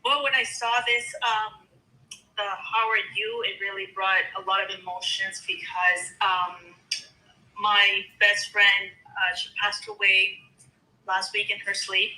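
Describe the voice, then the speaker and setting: A woman's voice: medium pitch, level tone, a little slow, bright, forceful tone, reverberant, low-quality recording. A woman in her thirties from Canada, a guest talking in a casual chat, emotional and hesitant with many fillers. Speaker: guest caller.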